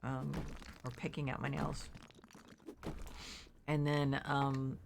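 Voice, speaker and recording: A middle-aged woman talks in a low, unhurried voice as she plays a game on stream, wandering between stories and chat messages. She sounds tired and yawns now and then while she gets over being sick. A faint hiss sits behind her voice. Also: level tone, creaky. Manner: rambling, chatty, reads chat aloud; frequent fillers and restarts. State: yawning, recovering from illness. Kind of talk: casual chat while playing.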